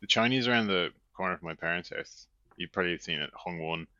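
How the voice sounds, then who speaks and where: A man with a fairly low voice chatting with his mates and spinning funny anecdotes. The recording is dry and close, with a dull, lo-fi tone. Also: quick pace, bright, forceful tone, no room sound. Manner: storytelling, mimics a friend's accent for laughs. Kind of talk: casual chat among friends.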